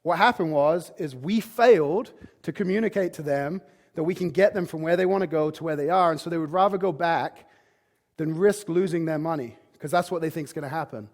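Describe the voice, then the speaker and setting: A man delivers a motivational conference talk in a slightly high, gravelly voice. He speaks with emphatic punch and peppers his speech with "like" and restarts. He sounds like he's addressing a live room. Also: fairly quick, a little mellow. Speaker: fitness business speaker.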